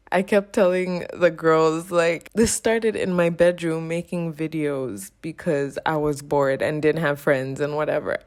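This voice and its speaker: Tearful young woman vlogging. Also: lowish voice. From Zambia. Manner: earnest, heartfelt, faith-filled. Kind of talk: emotional vlog talk to camera. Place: at home.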